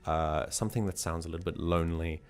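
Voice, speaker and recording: A man's voice: low voice, fairly even intonation, quick pace. A man narrating and ruling as game master in a tabletop game, rambling with many restarts. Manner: rambling, frequent restarts, chuckling.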